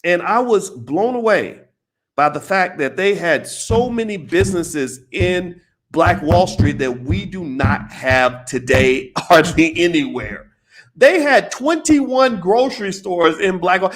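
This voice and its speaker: An American man giving casual video commentary, animated and emphatic, firing off rhetorical questions and repeating his points. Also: high-pitched, a little slow.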